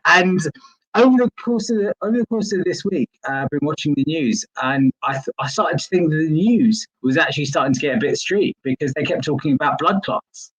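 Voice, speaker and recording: A man's voice: on the high side, fairly quick, hardly any pauses, husky, rough recording. A man from East London hosting a comedy stream over a video call, chatty and jokey, stammering and repeating himself. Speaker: comedy show host. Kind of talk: stand-up banter on a live stream.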